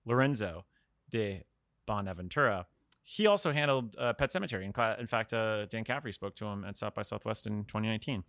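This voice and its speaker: A man's voice: fairly low pitch, lively intonation, fairly quick, a bit bright, dry recording, studio quality. A man co-hosting a podcast in casual chat, rambling through a story with laughs and casual swearing. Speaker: podcast co-host.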